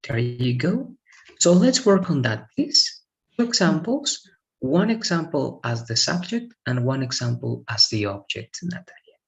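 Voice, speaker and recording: A man's voice: mid-range voice, very animated, measured pace, vocal fry, poor audio. A man teaching an English grammar lesson one-on-one online. He explains patiently, repeats himself, and keeps checking understanding with "all right?".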